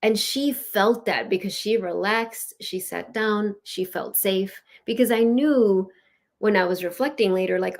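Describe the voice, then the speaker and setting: A woman speaks at a middle pitch as she hosts her own show. She gives a spiritual teaching in a loose, conversational way, filling her story with "like" and "you know". She sounds earnest and now and then laughs softly. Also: measured pace. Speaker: host and spiritual leadership teacher.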